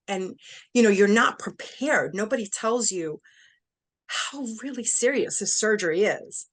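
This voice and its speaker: A woman's voice: mid-range voice, animated, unhurried, a bit bright. Middle-aged woman, interview guest, emotional first-person storytelling, performs quoted voices.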